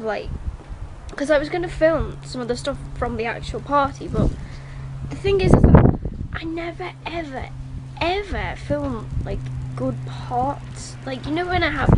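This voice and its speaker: A high-pitched teenage girl chats into a handheld camera, exhausted and rambling, with lots of giggles and false starts. The clip is a casual home video diary. A clear hiss of room noise sits under her voice. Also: animated, normal speed. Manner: rambling, giggly, many restarts. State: very tired after a night out. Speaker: vlogger. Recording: noisy home ambience.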